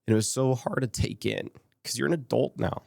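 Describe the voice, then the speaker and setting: Brisk and mid-range with vocal fry and a slightly mellow quality, a man from Las Vegas, USA, speaks as a podcast guest. He openly tells a personal story, retelling past exchanges in quoted dialogue and choking up emotionally at moments. It's studio-quality audio without echo.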